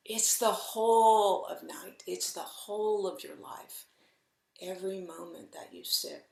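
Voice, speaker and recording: Zen teacher lady, middle-aged, talks really slow n gentle, bit of vocal fry, echoey room. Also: on the low side. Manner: slow, gentle, reflective with soft pauses. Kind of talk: dharma talk.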